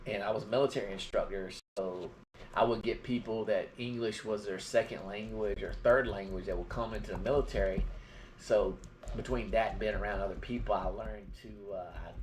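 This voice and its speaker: Speaking with a gentle Southern drawl, this middle-aged Georgian spins meandering stories during a relaxed live-stream chat. His pitch is fairly low and his tone darkish, and a bit of background noise can be heard.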